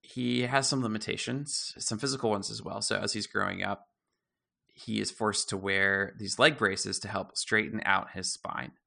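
Gravelly man telling a story. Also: fairly low pitch, moderate pace. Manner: relaxed storytelling, laughs easily. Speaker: podcast co-host. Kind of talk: casual chat.

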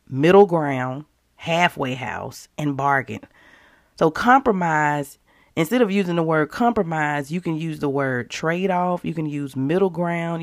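A woman with speech delivers a casual devotional teaching in a slightly low voice. She is conversational and emphatic, calling her listeners y'all, and the recording is close and dry with no room sound. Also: no echo. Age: adult with children. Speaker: Christian devotional host.

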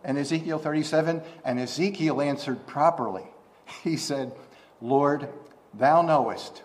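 Delivering a conversational sermon a little slowly, the man keeps asking rhetorical questions and restarting his thoughts. His voice lifts in pitch and loudness for scripture quotations, and slight background noise is audible.

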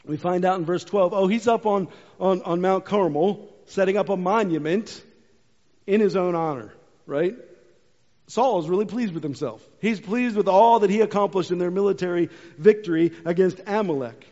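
A pastor giving a sermon, reading scripture aloud, then explaining it in a casual, conversational way. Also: male voice, high-pitched, normal speed, warm tone. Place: church sanctuary. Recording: muffled hall recording.

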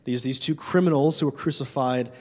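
A man's voice: mid-range voice, brisk, big-room sound. A man preaching a sermon in a church as pastor, making urgent, repetitive appeals to his listeners.

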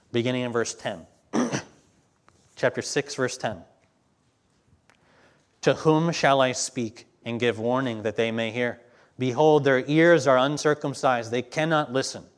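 A man preaching to a congregation at a mid-pitched, ordinary tone. He reads scripture slowly and with emphasis, then drops back into plain, conversational talk with his listeners. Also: steady tone. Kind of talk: sermon with scripture reading.

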